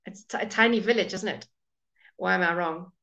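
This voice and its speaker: Woman doing a live english pronunciation class on her computer mic, chatty, says words slow and repeats them. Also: on the low side, vocal fry, a bit bright, dull audio. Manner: chatty, greets viewers by name. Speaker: English teacher.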